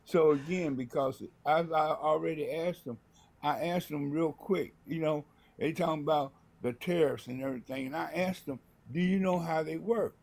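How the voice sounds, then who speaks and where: A man on a video call to a live stream, with a voice that sits a little high. He talks emphatically and rambles, tossing in "see?" as he goes. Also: moderate pace, a little mellow. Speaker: caller. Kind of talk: casual chat.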